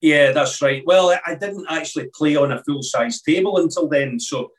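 A middle-aged Scottish man, a podcast guest, recalling his past in a relaxed, halting way with many restarts. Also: a little high, recorded from a distance. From Scotland. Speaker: guest, former snooker player. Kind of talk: casual interview chat.

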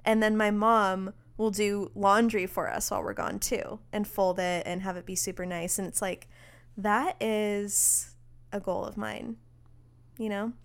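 A young woman co-hosting a casual chat, teasing and quick to laugh. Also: medium pitch, steady tone. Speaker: podcast co-host.

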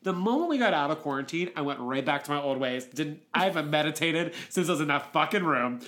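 A man's voice: fairly high pitch, lively intonation, quick pace, fairly bright tone. A man co-hosting a podcast, telling a long travel story in casual, profane, self-mocking chat. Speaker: podcast co-host.

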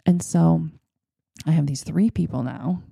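A woman's voice: low voice, a little slow, gravelly, mellow, slightly rough, no room sound, studio quality. A woman hosting a podcast, telling a personal story in a chatty, rambling way. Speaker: podcast host. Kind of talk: casual storytelling.

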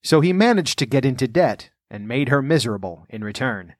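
A man reading a storybook aloud in a measured, even way, then adding his own commentary. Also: medium pitch, dry recording, studio quality.

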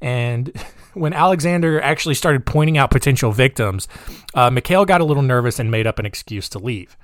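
A man tells a true-crime story in a casual, joking way and wanders off into personal asides. His voice is of middling pitch. It is recorded close and dry, with no room sound. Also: fairly bright tone, no echo. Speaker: podcast host.

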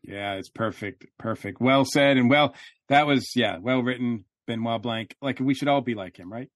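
A man's voice: medium pitch, normal speed, no echo, studio quality. A man hosting a podcast in casual chat, upbeat and jokey with plenty of fillers. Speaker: podcast host.

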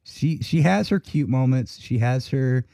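A man hosting a podcast in casual chat, telling animated stories full of swearing and frequent laughter. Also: medium pitch, a little slow, vocal fry, no room sound, clean studio sound. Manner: profane, laughing, animated storytelling. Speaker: podcast host.

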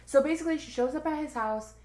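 A woman's voice: high voice, quick pace, darkish tone. Chatty woman in an echoey room. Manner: chatty, rambling, heavy use of "like". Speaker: podcast co-host. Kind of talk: casual chat recapping a book.

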